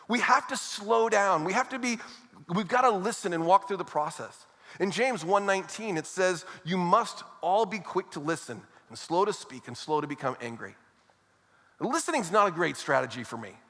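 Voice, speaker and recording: A man preaching a sermon as pastor, talking to the congregation in a casual, conversational way with quick asides. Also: sits high, a bit bright. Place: church auditorium. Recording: long hall reverb.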